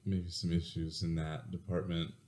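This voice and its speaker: Young male co-host, very deep voice, loose rambling delivery, relaxed chat. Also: normal speed. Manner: rambling and hesitant, loose thoughts full of likes. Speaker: podcast co-host. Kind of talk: casual chat.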